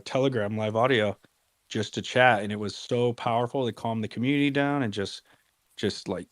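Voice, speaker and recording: A man co-hosting a live audio chat, telling a story in a relaxed, slangy way. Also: lowish voice, no echo, clean studio sound. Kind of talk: casual chat.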